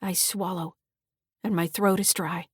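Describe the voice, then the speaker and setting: A woman author reading her own mystery thriller as an audiobook, telling it in a steady, clear way. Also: on the low side, a little slow, dry recording. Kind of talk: scripted audiobook narration.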